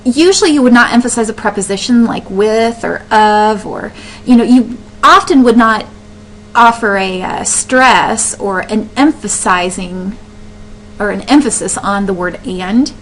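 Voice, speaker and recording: A woman teacher explaining poetry step by step, sounding words out slowly to show where the stress falls. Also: medium pitch, a bit bright, a little hiss or hum, low-quality recording. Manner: explains step by step, with fillers and restarts. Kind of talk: classroom lesson on poetry.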